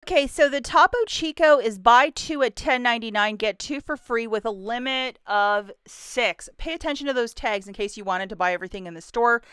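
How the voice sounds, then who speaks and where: A woman's voice: on the high side, fairly quick, few pauses, fairly bright tone, smooth, no echo, clean studio sound. A woman hosting her own couponing channel, walking through the week's store deals in a bubbly, chatty, upbeat way. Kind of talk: deal rundown vlog.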